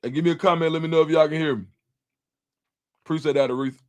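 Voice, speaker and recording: Young guy running a late night live stream, loose slangy talk, kinda high voice. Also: fast talker. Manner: animated, slangy, reads chat comments aloud. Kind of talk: casual live-stream chat.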